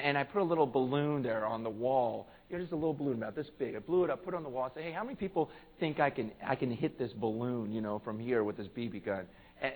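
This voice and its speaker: A pastor preaching a conversational sermon in church, earnest and plain-spoken, swelling to emphatic peaks. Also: male voice, mid-range voice, low-quality recording.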